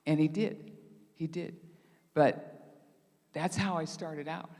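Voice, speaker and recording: An older woman in her sixties delivers a storytelling sermon, lively and quick to laugh as she acts out old conversations. Her voice carries through a big church sanctuary with a long, ringing reverb. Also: deep voice. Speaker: guest preacher.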